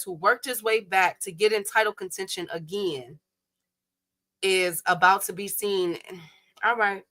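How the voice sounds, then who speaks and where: Bright-voiced woman ranting to her chat. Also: mid-range voice. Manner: animated, talks straight to her chat viewers, blunt and slangy. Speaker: boxing livestream host. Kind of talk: casual livestream rant.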